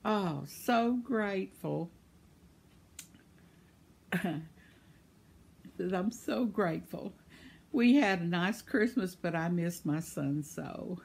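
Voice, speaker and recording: A woman's voice: on the low side, animated, very slow, gravelly, pauses often, a little mellow, husky. A woman, chatting casually and laughing often as she reads viewer comments on her vlog. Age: 70s. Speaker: vlogger.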